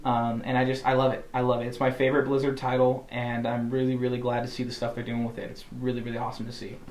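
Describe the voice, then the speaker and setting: Rambling, excited man in an echoey room. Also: medium pitch, quick pace. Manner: enthusiastic, rambling with many restarts and fillers. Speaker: podcast co-host. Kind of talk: casual chat.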